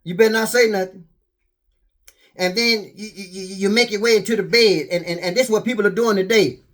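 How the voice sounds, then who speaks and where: An older man preaching and telling stories, animated, acting out quotes and often repeating words. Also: sits high, a little fast. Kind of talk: street sermon, storytelling.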